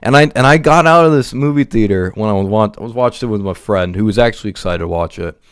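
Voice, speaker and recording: A man's voice: lowish voice, quick pace, clear, resonant tone, dry recording, studio quality. A man giving an exasperated, profane movie review rant, stumbling over his words as he goes. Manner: exasperated, profane ranting with stammered restarts.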